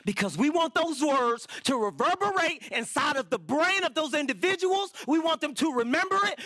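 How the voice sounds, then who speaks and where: A pastor preaching a sermon in a bright, ringing voice. The delivery leaps up and down with emphasis and keeps prompting the congregation to repeat key words. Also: high voice, normal speed, hardly any pauses, no room sound, clean studio sound. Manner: animated, emphatic preaching with call-and-response prompts.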